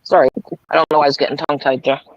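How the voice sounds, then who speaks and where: A man with a fairly high, light voice reads card messages on a live stream, unhurried and careful. The sound is dry and close, with no room around it. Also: level tone, dry recording, muffled recording. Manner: slow, deliberate card reading with slips and apologies. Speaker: livestream co-host reading cards. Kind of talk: casual live chat, reading affirmations.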